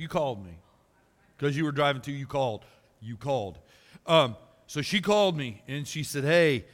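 A man preaching a sermon in a church, telling folksy stories and rising to loud emphasis. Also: medium pitch. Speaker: pastor. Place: church sanctuary. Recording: reverberant hall.

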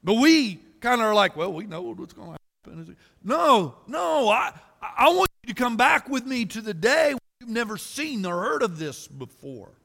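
Pastor, male, high bright voice, folksy and emphatic, big church reverb. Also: sing-song, measured pace, vocal fry, hardly any pauses. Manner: folksy storytelling preacher, rises to loud emphasis. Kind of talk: sermon. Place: church sanctuary. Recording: reverberant hall.

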